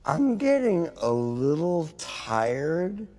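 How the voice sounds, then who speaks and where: An actor playing an indignant, self-righteous tech billionaire making a speech. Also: male voice, on the high side, very animated, very slow, warm tone, heavily acted.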